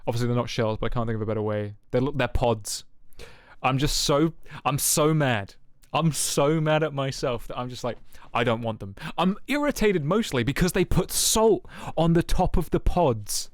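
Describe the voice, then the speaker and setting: A man's voice: medium pitch, expressive, normal speed, dry recording, studio quality. A young man streaming, telling a rambling story to his chat with lots of fillers and swearing. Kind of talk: casual chat with viewers. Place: home streaming setup.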